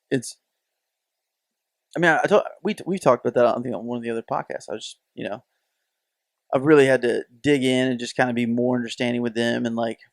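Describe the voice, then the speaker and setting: A medium-pitched man speaks in studio-quality audio with no room sound. Co-hosting a podcast in relaxed chat, he's an animated storyteller who acts out the voices of the people he describes.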